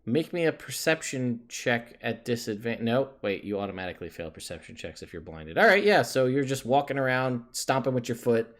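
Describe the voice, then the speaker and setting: A game master guides players through a tabletop session with a loose, unhurried delivery, full of ums and uhs and quick restarts. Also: medium pitch, big pitch swings. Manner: loose, with many fillers and restarts. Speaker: dungeon master.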